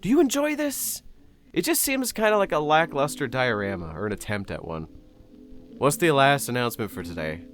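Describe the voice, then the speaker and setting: A young man in casual commentary mode, sarcastic and easily excited, swearing freely. His pitch leaps and dips animatedly as he talks, and faint music plays underneath. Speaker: YouTube host reacting to announcements.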